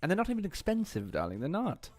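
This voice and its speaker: A man's voice: sits high, wildly swooping pitch, fast, voice pushed up, heavily acted. A man putting on a sassy, vain persona who drawls and keeps calling people darling. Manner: drawling, teasing, says darling often.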